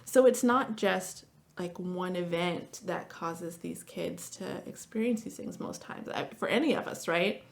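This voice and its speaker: A woman's voice: fairly low pitch, unhurried, gravelly. Chatty woman therapist, podcast guest. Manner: chatty, fillers of "like", lively storytelling. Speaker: marriage and family therapist. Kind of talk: podcast interview guest, casual conversation.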